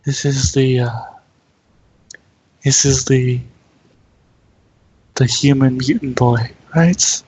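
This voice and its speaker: Guy doing a hushed telepathic plant creature lady, calm, slow and even. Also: medium pitch, breathy edge, rough recording. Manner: soft, calm, matter-of-fact.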